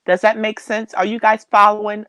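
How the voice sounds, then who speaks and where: A woman's voice: mid-range voice, level tone, moderate pace, sharp tone, no echo, poor audio. A woman telling a personal family story as a talk show guest, hesitating and repeating herself with many fillers. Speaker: interview guest.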